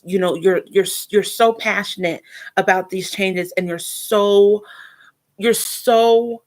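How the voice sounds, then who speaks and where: A young adult woman talking in a casual personal vlog, reflective and earnest, often pausing and restarting. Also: mid-range voice. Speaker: vlogger.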